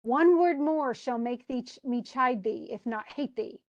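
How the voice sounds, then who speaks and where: A woman's voice: on the high side, measured pace, lo-fi sound, natural voice. A woman doing an innocent pleading young girl.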